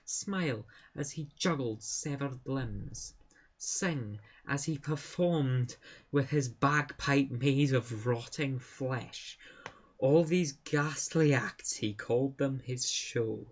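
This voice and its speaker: A man's voice: mid-range voice, takes it slowly, highs cut off. A man doing a Scottish schoolteacher woman telling a spooky tale. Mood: eerie storytelling. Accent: put-on Scottish.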